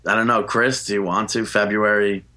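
A man's voice: lowish voice, little pitch movement, normal speed, pushed and bright. A man co-hosting a casual podcast chat, swearing freely and saying "like" a lot. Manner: swears a lot, says "like" often. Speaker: podcast co-host.

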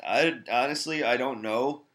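A man's voice: mid-range voice, measured pace, a bit bright. A man co-hosting a casual wrestling podcast in an easygoing way, with plenty of ums and uhs. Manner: easygoing, many fillers, laughs at jokes. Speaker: podcast co-host. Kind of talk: casual chat about wrestling.

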